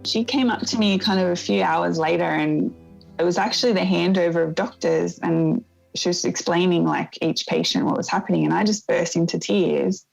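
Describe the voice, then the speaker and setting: A woman in her thirties telling a painful personal story in an interview, in a soft, reflective way that often halts and starts again. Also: fairly low pitch, creaky, muffled recording, faint music behind. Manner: soft, reflective, halting with restarts. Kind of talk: emotional personal testimony.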